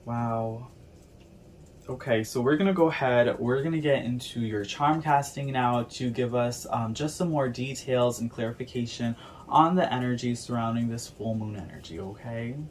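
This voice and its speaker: A man's voice: medium pitch, moderate pace, slight background noise. A man giving an earnest spiritual tarot reading to camera, often checking in with "okay?" and "right?". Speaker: tarot reader.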